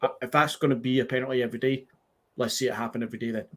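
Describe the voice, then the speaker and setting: A man's voice: mid-range voice, fairly even intonation, racing, a bit bright. A man with a Scottish accent, earnestly making his case about a match in casual podcast chat. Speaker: podcast co-host.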